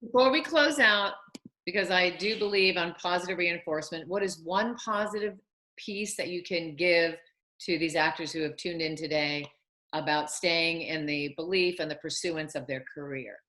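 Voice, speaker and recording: A woman's voice: lowish voice, moderate pace, pushed and bright. A woman hosting an interview, asking long winding questions of a guest. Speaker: host and acting coach.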